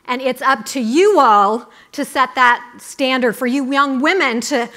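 A middle-aged woman giving a chatty, brisk speech to a student audience, full of asides. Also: high-pitched, a bit bright. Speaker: conference speaker.

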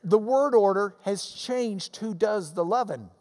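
A man giving a Bible class lecture, animated and emphatic with jokey asides. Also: sits high, measured pace. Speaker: Bible teacher. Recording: long reverb of a large hall.

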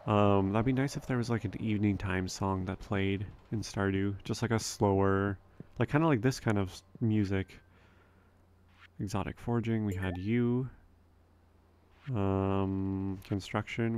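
Low gravelly man thinking aloud. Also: measured pace, a little mellow, slight background noise. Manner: rambling, thinks aloud, frequent likes and ums. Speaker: let's play gamer. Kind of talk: relaxed gameplay commentary.

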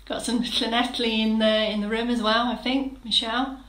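A woman fitness instructor with a fairly high voice leads a live-streamed exercise class. She chats, greets viewers one by one and gives encouraging step-by-step cues. The sound bounces around an echoey room. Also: fairly even intonation, normal speed, few pauses, fairly bright tone. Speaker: fitness instructor for older adults.

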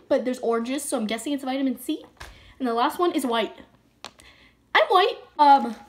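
Bubbly woman beauty vlogger, high voice, chatty and dramatic, faint hiss behind. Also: a bit bright. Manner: bubbly, dramatic reactions, lots of "like". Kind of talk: casual haul video chat.

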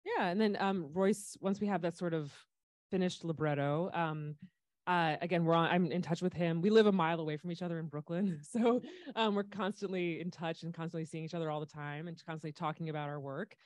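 A woman's voice: fairly low pitch, fairly quick, a little mellow, no echo. Chatty woman composer, dry close mic. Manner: chatty, frequent ums, light laughs. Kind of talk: panel discussion.

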